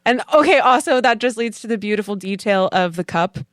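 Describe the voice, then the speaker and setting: A woman's voice: mid-range voice, animated, brisk, a bit bright, dry recording, clean studio sound. A woman co-hosting a podcast, chatting casually about a film in a rambling way with lots of fillers. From Canada. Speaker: podcast co-host.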